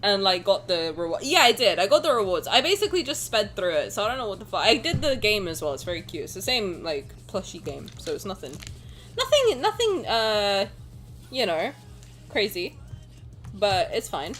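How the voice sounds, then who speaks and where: With soft background music behind her, a young adult woman livestreams, reading chat aloud and trading jokes, banter, and the occasional swear word with viewers. Her voice is medium-pitched, expressive, and fairly bright, at a normal pace.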